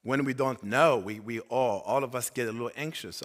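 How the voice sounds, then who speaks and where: A male pastor preaching a sermon, swinging between loud emphatic bursts and quiet low asides. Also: normal speed. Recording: long hall reverb.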